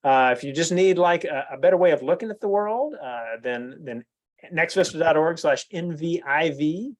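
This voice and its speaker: A man's voice: on the high side, normal speed. A man, giving a speech at a club meeting and telling stories with lots of restarts and fillers. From United States. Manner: animated storyteller, frequent restarts and "you know". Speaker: guest speaker at a club meeting. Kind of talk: anecdotal speech.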